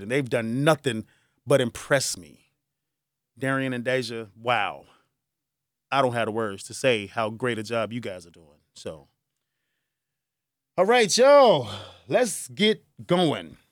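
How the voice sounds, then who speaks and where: Emotional talk-show host, dry close mic. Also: male voice, medium pitch, dry recording. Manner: emotional, heartfelt storytelling. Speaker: podcast host. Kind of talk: casual talk show monologue.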